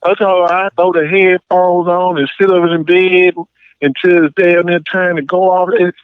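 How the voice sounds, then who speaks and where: A man calling into a podcast, telling stories in an animated, emphatic way. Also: high voice, normal speed, clear, resonant tone, no echo. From Champaign, Illinois area. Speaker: caller. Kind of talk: casual call-in chat. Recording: tinny dry phone line.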